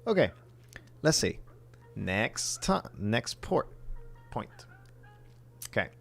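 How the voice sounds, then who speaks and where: A man's voice: lowish voice, sing-song, slow, vocal fry, fairly bright tone, soft background music. A man from the southern United States chatting casually on a livestream while building a phone kit, rambling and thinking aloud as he works.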